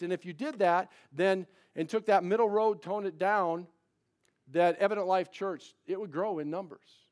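A male pastor delivering a live sermon to his congregation, swinging between loud emphatic preaching and quiet confiding asides, often restarting and repeating words. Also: sits high, normal speed. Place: church before a congregation.

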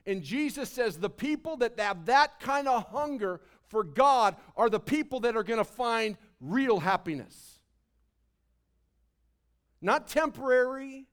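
High-voiced animated preacher man. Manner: animated preaching, swinging from soft asides to loud emphasis. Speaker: pastor. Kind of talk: sermon.

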